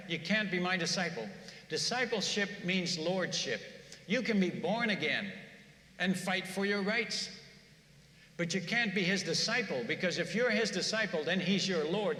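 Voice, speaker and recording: A man preaching in a church, telling a mission story in an animated, conversational way and often repeating words. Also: high-pitched. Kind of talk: sermon storytelling. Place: church sanctuary. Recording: echoey church hall.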